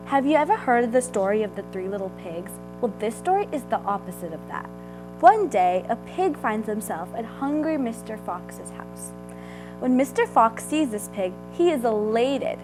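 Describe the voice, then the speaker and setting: A woman reading a children's picture book aloud, slow and expressive. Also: on the high side, music in the background, poor audio. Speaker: storybook reader. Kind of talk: read-aloud storytelling.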